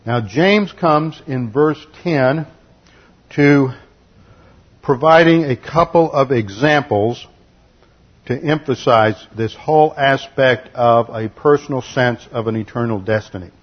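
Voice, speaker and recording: A man teaching an expository Bible study in a deliberate, lecturing way, spelling out Greek words letter by letter. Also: mid-range voice. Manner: lecturing, corrects translations. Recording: slightly muffled lo-fi recording.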